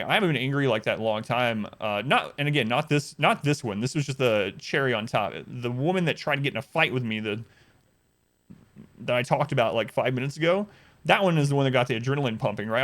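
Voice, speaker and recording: A man telling an exasperated story on his live stream, animated and acting out the people he quotes. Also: mid-range voice, fast. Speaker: livestreamer.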